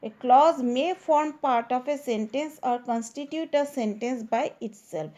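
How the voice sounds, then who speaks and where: A woman teacher giving a grammar lesson, speaking deliberately and stressing the key words as if dictating to students. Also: high voice, mellow.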